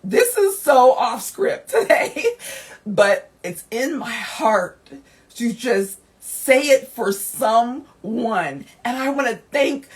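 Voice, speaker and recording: A woman's voice: a little high, sing-song, slow pace. A woman hosting a motivational podcast, speaking straight to her listeners in an encouraging, heartfelt way. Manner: emotional, laughing through tears. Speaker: podcast host.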